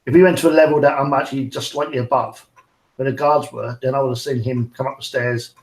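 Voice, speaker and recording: A man's voice: mid-range voice, fairly even intonation, fast, echoey room, poor audio. A man playing a tabletop game, chatting casually and thinking aloud about his character's moves. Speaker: player.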